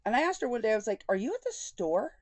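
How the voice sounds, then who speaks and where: This woman vlogger talks fast in a fairly high, sing-song voice, recounting a personal story candidly and indignantly with plenty of quoted conversation. There's no room sound.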